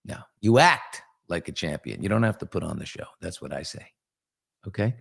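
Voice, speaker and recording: A man's voice: low voice, very animated, moderate pace, creaky, a bit bright, slightly rough. A man hosting a casual live talk show, joking around and rambling with asides to his crew. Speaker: host.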